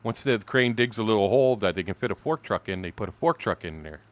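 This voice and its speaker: A man in his sixties telling profane stories casually while streaming a fishing game, acting out shouted quotes. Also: lowish voice, expressive, fast talker, no room sound. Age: 60s. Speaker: gaming streamer. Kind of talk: casual storytelling while gaming.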